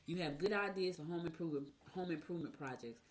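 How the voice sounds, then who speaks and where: Reading out the horoscopes on her radio show, this woman keeps things chatty and relaxed, wandering into personal tangents. She admits to being a fast talker; her voice is fairly low in pitch, and a little hiss or hum can be heard.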